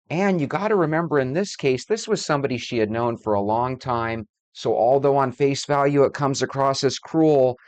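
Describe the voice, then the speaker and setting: A man in his thirties, the host, calmly reasons through a story and speaks directly to his viewers. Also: mid-range voice, no room sound. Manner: calm, reasoning, talks to viewers. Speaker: host, commentator. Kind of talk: casual commentary.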